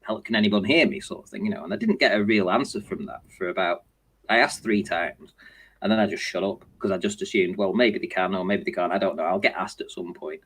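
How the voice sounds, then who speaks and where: A man hosting a casual podcast, telling a story in an animated way, often laughing and mimicking the people in it. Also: low-pitched, brisk, husky. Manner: animated, laughs often, acts out others' voices. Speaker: show host.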